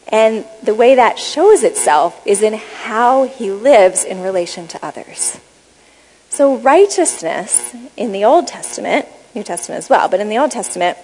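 A woman giving a teaching talk, explaining Bible words and reading passages aloud in a measured, explanatory way. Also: a little high, a little mellow, long reverb tail, low-quality recording. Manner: measured, explanatory, reads scripture aloud slowly. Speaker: speaker on Bible study.

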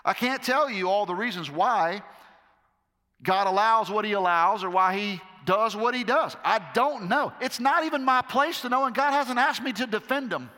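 A man's voice: high voice, normal speed, bright, forceful tone. A middle-aged man preaching a sermon to a live audience, talking conversationally with emphatic repetitions. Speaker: pastor. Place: large hall with a live audience. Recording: echoey hall reverb.

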